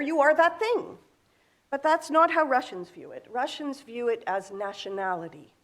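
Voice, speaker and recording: A middle-aged woman giving a sermon in an earnest, explaining way, asking rhetorical questions. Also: sits high. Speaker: speaker at a congregation.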